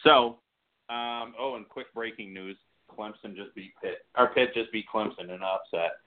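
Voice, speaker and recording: A man co-hosting a casual sports talk show, excitable and rambling with fillers. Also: on the low side, moderate pace. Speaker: podcast co-host. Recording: phone-like internet radio audio.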